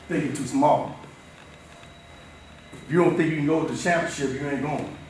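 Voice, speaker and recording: A man in his fifties giving an emphatic, repetitive motivational talk to a school team in a locker room, swinging between shouting and low, intense stretches. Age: 50s. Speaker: motivational speaker. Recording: very echoey room, voice far off, faint noise.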